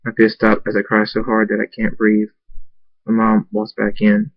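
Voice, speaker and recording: A man earnestly narrating a first-person fan story, halting and restarting at times. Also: on the low side, completely flat delivery, gravelly, no room sound, highs cut off. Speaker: amateur story reader.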